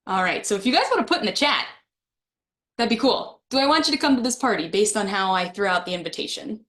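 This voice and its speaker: A woman's voice: medium pitch, lively intonation, fast talker, a bit bright. Woman, webinar presenter, friendly casual teaching talk, reacts to chat. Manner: friendly, laughs with the chat, reads comments aloud. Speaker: webinar presenter for adult educators.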